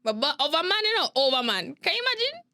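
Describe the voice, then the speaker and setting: A young woman with a Jamaican accent hosting a casual chat, emphatic and animated, often jumping up in pitch to exclaim. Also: fast. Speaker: podcast host.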